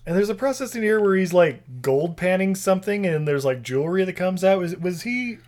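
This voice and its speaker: A podcast co-host in casual chat, walking through the plot in a relaxed way with lots of fillers. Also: medium pitch, brisk. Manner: relaxed storytelling, filler-heavy. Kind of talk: casual movie recap chat.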